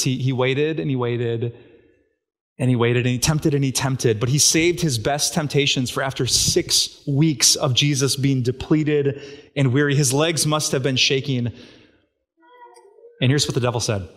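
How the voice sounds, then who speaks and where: A man's voice: medium pitch, fairly even intonation, normal speed. A man preaching a sermon as a pastor, talking in a casual, conversational way and asking his listeners rhetorical questions.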